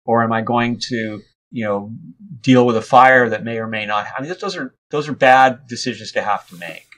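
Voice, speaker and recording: A man as an interview guest, telling a story in a relaxed, rambling way with frequent restarts and fillers. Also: medium pitch, moderate pace. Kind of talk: conversational storytelling.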